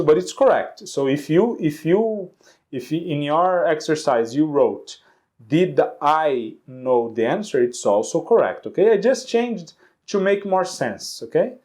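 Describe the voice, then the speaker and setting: Slow, lively Brazilian teacher, mellow voice. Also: male voice, on the high side. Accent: Brazilian Portuguese. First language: Portuguese. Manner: repeats answers slowly, checks in with "okay?". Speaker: English teacher. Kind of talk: classroom grammar lesson.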